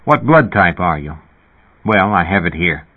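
A man voicing a brisk, suspicious male immigration official who asks curt, probing questions, over a phone-like narrow sound. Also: sits low, very animated, breathy edge, exaggerated voice.

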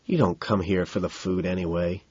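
A man voicing an eager, loud young businessman, on a dull lo-fi recording. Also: sits low, steady tone, fairly quick, slightly rough, voice pushed down. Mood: jaded.

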